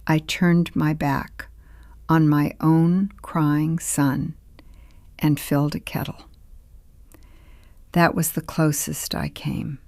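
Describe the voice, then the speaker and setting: An older woman narrates her own memories in an unhurried, reflective way, her voice sitting low and sometimes sinking to a near whisper. The sound is dry and close, with no room around it. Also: level tone, a little mellow, no echo. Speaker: storyteller. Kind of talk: scripted first-person narration.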